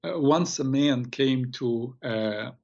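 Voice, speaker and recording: Earnest male host with a gravelly voice. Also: mid-range voice, slow, darkish tone, highs cut off. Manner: hesitant, many restarts, earnest. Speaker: radio show host and therapist. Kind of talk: advice talk and storytelling.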